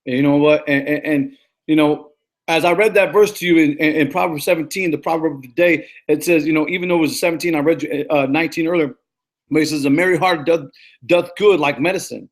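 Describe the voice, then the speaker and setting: A man in his thirties, a life coach giving a casual, energetic motivational talk that repeats its points and often stumbles and restarts. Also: fairly high pitch, a little fast. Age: 30s. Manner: energetic, repetitive, preachy pep talk.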